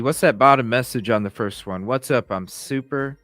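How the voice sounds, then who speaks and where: A man's voice: mid-range voice, normal speed, a bit bright, dry recording, soft background music. A man hosting a podcast, reading text messages aloud and reacting with profane, incredulous commentary. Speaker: podcast host.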